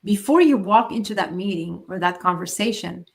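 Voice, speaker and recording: A woman hosting a solo motivational podcast, speaking in an earnest coaching tone with emphatic pauses. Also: mid-range voice, expressive, creaky. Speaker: podcast host.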